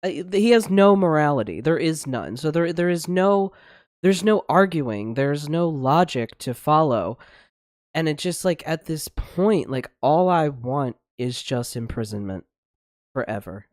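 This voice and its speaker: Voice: mid-range voice, lively intonation, a little slow, a little mellow, dry recording, studio quality. A podcast co-host ranting in a heated, blunt way with plenty of swearing during a casual discussion. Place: livestreamed online podcast.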